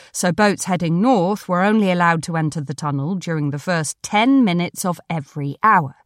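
A woman reading a story aloud in measured scripted narration. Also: lowish voice, no room sound, studio quality. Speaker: audiobook narrator.

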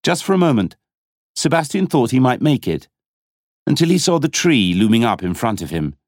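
A male audiobook narrator reading a thriller with dramatic expression and a lively, moving pitch. His voice sits at a middle height, recorded dry and close with no room sound. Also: normal speed, no echo. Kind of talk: scripted narration.

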